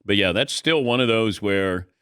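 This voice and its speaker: A man's voice: fairly low pitch, moderate pace, clear, resonant tone, no echo. A middle-aged man hosting a sports talk show, telling stories in casual studio chat, acting out quotes and laughing as he goes. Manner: animated storyteller, acts out quotes, laughs mid-sentence. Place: radio studio.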